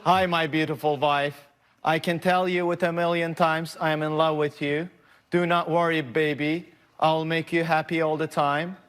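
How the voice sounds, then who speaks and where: A man's voice: fairly high pitch, little pitch movement, normal speed, a bit bright, smooth, natural voice. A man putting on a doting Turkish-accented lover. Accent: put-on Turkish. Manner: earnest, repetitive, doting. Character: lovestruck Turkish man proposing by letter. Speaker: translator.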